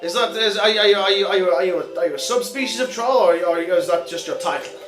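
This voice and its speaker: A man's voice: high voice, fast talker. A man playing a tabletop game, eager and stammering, in an echoey room with music behind. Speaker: player. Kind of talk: casual tabletop game chat.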